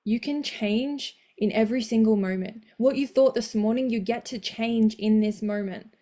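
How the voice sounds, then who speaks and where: Warm, blunt motivational woman coach. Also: on the high side, moderate pace. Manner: energetic, blunt, swears casually, cheers listeners on. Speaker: women's coach hosting a live session. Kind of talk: motivational live talk.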